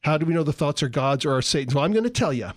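A man's voice: fairly high pitch, expressive, racing, no echo, clean studio sound. A man from San Diego co-hosting a Christian talk show, teaching about the Bible in a folksy, joking way and sometimes acting out voices. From San Diego, California. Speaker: Christian radio co-host. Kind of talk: casual Bible teaching chat.

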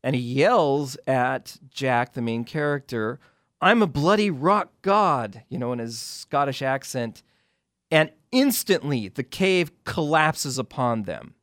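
A man's voice: medium pitch, slow, no echo, clean studio sound. A man who is a film critic, a guest on a radio talk show, explaining scenes in a loose, rambling way with frequent restarts.

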